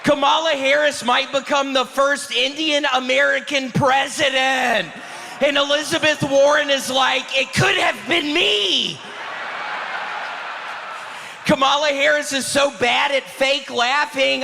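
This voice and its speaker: A man doing a short stand-up set on a comedy club stage, shouting jokes erratically and giggling at his own punchlines. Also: very high-pitched, fairly even intonation, unhurried, creaky, faint music behind. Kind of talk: one-minute stand-up set.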